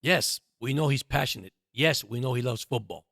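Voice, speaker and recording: This sports podcast host has a gravelly, fairly bright voice of medium pitch and talks at a normal speed. The sound is clean and dry, like a studio. He speaks directly to listeners, whom he calls "guys," in a fervent monologue full of repetition and emphasis.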